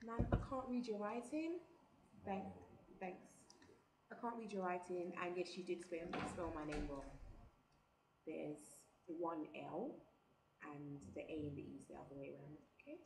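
A young woman from England chatting excitedly as she unpacks a parcel in a casual vlog, thinking aloud. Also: on the low side, normal speed, gravelly. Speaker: vlogger. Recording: echoey room, background noise.

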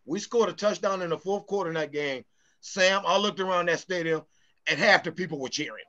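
A middle-aged man co-hosts a podcast, telling stories in a casual, animated way and repeating phrases as he goes. His voice is bright and sits slightly high. The recording is dull and lo-fi. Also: fairly quick. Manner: animated, repetitive storytelling. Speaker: podcast co-host. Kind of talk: casual chat. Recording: dull lo-fi sound.

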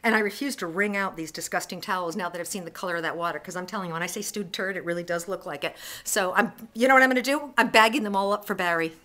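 A woman's voice: fairly low pitch, fast, sharp tone. A woman filming a casual home video in her apartment bathroom, exasperated and self-mocking as she talks to the camera. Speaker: vlogger. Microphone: handheld camera.

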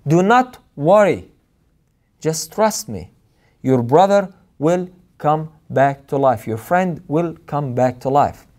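Male preacher, slightly high voice, earnest and emphatic, leans on repetition. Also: animated, slow, darkish tone. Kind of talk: sermon.

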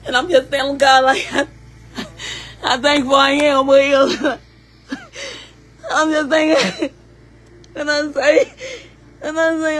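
A woman's voice: high voice, flat delivery, slow, pauses often, a bit bright. A woman from the States, telling an emotional personal story and emphatically asking "you hear me?" as she goes. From Southern United States.

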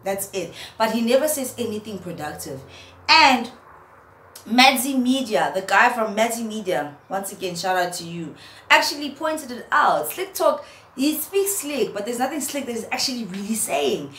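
A young woman, a vlogger, roasting someone in a mocking, animated rant to camera and laughing at her own jokes. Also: on the high side, normal speed. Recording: roomy echo, faint background hum.

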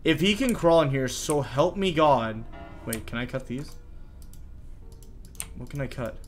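A man doing horror game commentary, jittery, chattering to himself and quick to panic. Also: mid-range voice, expressive, soft background music. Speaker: gaming YouTuber.

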